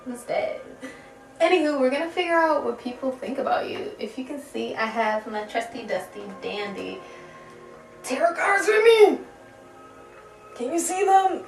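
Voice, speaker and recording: A young woman with a fairly high voice gives a casual tarot reading, chatty and giggly, swearing lightly and stretching words for emphasis. She sits a little back from the mic in an echoey room at home. Faint music plays behind her. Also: far from the mic. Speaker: tarot reader.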